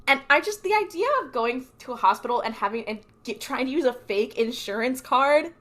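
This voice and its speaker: A young adult woman co-hosting a podcast, recapping episodes in animated casual chat full of "like". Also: high-pitched, brisk. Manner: animated storytelling, fills speech with "like". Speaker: podcast co-host.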